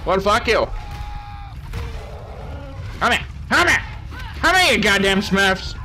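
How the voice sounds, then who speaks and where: A man's voice: high voice, very animated, a little slow, pauses often, sharp tone, faint music behind. A young man playing a game and commenting with crude, joking banter, talking to the characters on screen. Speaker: gaming channel host.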